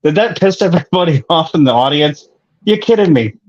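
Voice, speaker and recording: A man's voice: fairly high pitch, expressive, fairly quick. Indignant man on lo-fi audio. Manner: indignant, rambling with restarts. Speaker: co-host. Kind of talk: casual commentary chat.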